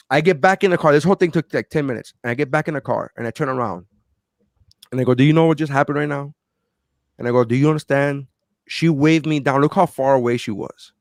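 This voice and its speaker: A man in his thirties co-hosting a podcast, telling a story in a lively, animated way and acting out other people's voices. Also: medium pitch, dry recording, studio quality. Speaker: podcast co-host. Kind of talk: casual chat.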